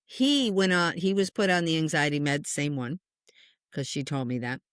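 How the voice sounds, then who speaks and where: A woman who works as a spiritual medium, a guest telling stories in an earnest, passionate, animated way. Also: deep voice, moderate pace, clear, resonant tone, no echo, clean studio sound. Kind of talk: conversational interview storytelling.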